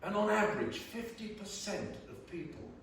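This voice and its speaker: A man's voice: high-pitched, lively intonation, moderate pace, a bit bright, slight background noise. A man giving a blunt, emphatic, jokey speech to a community meeting in a church hall. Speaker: guest panellist. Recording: very echoey church hall, far from mic.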